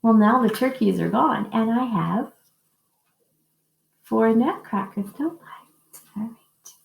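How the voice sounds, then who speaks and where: Woman, elementary music teacher, high voice, sing-song storytelling for children, echoey room. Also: creaky. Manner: slow, sing-song and encouraging, modeling high and low notes for kids. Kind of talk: teaching young children, storytelling and call-and-response singing. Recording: echoey classroom.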